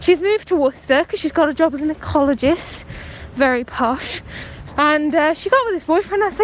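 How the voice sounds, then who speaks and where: A woman's voice: high voice, a little fast, a little hiss or hum, low-quality recording. A young woman from England leaving a chatty voice note while walking down the street, telling a story in an amused way. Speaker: caller leaving a voice message. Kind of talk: casual voice note. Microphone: phone.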